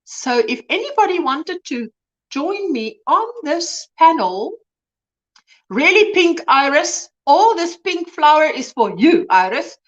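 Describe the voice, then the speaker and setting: A woman's voice: sits high, big pitch swings, slow pace, dull audio. A woman hosting a casual livestream, chatting and greeting viewers by name with frequent exclamations. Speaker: livestream host. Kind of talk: casual chat reading comments.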